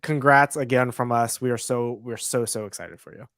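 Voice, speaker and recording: Guy cohosting a live podcast, rambly, laughs a lot, mid pitch, dry close mic. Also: steady tone, normal speed, fairly bright tone, no echo. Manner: loose, laughing, rambling with restarts. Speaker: podcast co-host. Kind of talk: casual live-stream chat.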